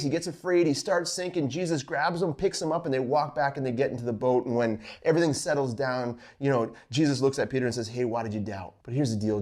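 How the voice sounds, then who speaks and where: A man hosting a fishing vlog, giving an informal Bible study with animated storytelling full of "like"s. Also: on the high side. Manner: animated storytelling, acts out scenes, many "like"s.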